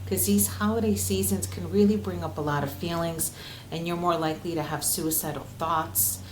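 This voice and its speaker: A woman's voice: deep voice, background noise. Earnest woman in an echoey room. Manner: earnest, heartfelt, with frequent fillers and restarts. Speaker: guest clinical social worker. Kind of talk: conversational interview. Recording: roomy echo.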